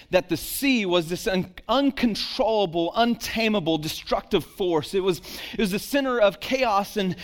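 Speaking as a pastor in a casual, conversational way, a man asks rhetorical questions, repeats himself and starts sentences over, and goes quiet and low to emphasize.

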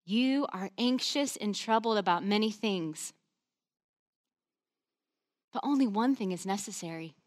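A woman preacher voicing a calm, gentle male teacher who speaks softly and soothingly. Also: medium pitch, a little slow, pauses often, natural voice.

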